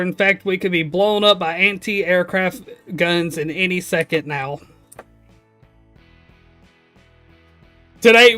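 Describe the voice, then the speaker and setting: Guy putting on a loud mean helicopter drill sergeant, high-ish voice, dry close sound, game bit. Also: dry recording. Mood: brusque. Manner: barking, contemptuous, self-important. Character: gruff male combat helicopter drill instructor.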